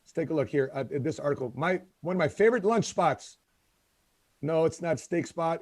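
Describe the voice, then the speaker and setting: A man co-hosting a podcast, his voice sitting a little high for a man. He keeps it conversational, turning to his co-hosts with questions. The sound is close and dry. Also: moderate pace, no echo. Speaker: podcast co-host. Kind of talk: casual podcast chat.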